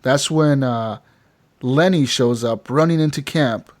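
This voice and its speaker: A man casually chatting on a podcast, telling stories with lots of swearing and acting out characters in shouted voices. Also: a little slow. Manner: animated storytelling, acts out characters with high shouts and swearing. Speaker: podcast co-host. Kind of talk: casual chat.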